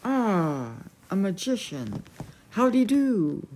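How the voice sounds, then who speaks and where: Haughty old knight, put on by a woman reader; gruff, drawling, distant. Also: deep voice, very animated, takes it slowly, dark tone, a little hiss or hum, heavily acted.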